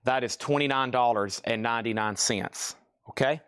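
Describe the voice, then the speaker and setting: Brisk man calling out record prices. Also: medium pitch, fairly bright tone, smooth, no room sound, studio quality. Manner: brisk, rattling off prices and buyer names. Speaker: live sale host. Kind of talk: live sales patter.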